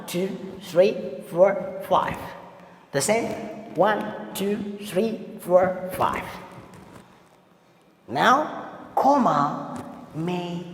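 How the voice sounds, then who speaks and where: A male teacher gives a classroom English lesson, speaking slowly with a gravelly edge. His pitch swings widely as he quizzes the class and repeats key points. The sound is roomy, with a long reverb trailing behind him. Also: a bit bright, slight background noise. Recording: echoey hall with long reverb.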